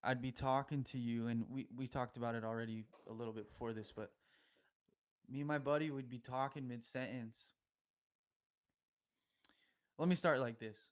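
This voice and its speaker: A young man spins a long, meandering story on a podcast, full of slang and loose asides. His voice sits at an ordinary middle pitch. He laughs easily as he talks. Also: steady tone, normal speed, long pauses. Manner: rambling, slangy, laughs often mid-story.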